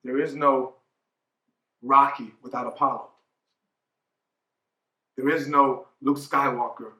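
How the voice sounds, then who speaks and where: A man's voice: a little high, sharp tone, echoey room. A man in his forties giving a motivational keynote talk as a coach, emphatic, often asking "right?". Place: conference hall.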